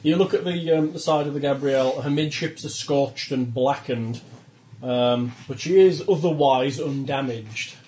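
A man's voice: medium pitch, a little slow, darkish tone, reverberant, a little hiss or hum, rough recording. A man running a tabletop horror game as game master, laughing often and reading rules aloud.

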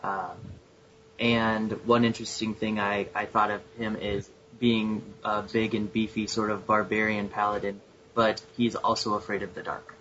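A man's voice: lowish voice, flat delivery, normal speed, fairly bright tone, lo-fi sound. A man playing a tabletop game, describing his character hesitantly with many fillers. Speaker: player. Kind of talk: casual tabletop game talk.

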